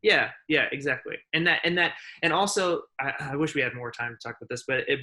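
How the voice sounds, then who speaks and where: Male guest, very bright tone, hesitant, restarts often. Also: medium pitch. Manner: hesitant, searching for words, many restarts. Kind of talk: casual conversation.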